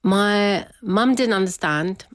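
A middle-aged woman, an interview guest, telling a personal story with candid, animated warmth and frequent laughter. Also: medium pitch, takes it slowly, no echo, studio quality.

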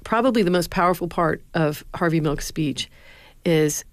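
A low-pitched middle-aged woman tells stories earnestly in an interview. She recorded in a dry, close setting. Her voice lifts when she quotes other people. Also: moderate pace, dry recording. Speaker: former speechwriter, university lecturer. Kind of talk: interview answers, storytelling.

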